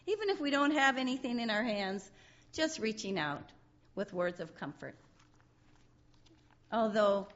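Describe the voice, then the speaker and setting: A woman's voice: mid-range voice, muffled recording. A woman giving a sermon in a chatty, conversational way, often breaking into laughter.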